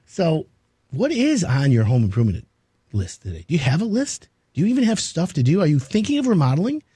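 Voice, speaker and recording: A man hosting a live radio show in a studio, chatty and full of jokes as he tells stories. His pitch swings up and down a lot, and his voice sounds a little husky. The recording is dry and close. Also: huge pitch swings, brisk, dark tone, no echo. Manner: chatty, storytelling, jokey. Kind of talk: casual talk radio chat.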